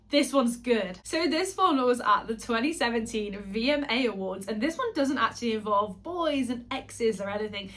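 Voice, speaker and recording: A woman singer and vlogger chatting casually to camera, gossipy and quick with asides and self-corrections. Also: on the high side, a bit bright.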